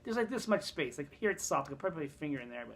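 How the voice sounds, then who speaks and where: A man's voice: on the high side, big pitch swings, racing. A man telling a story in a casual vlog, rambling, swearing and sarcastic, in pain from a broken thumb. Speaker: vlogger.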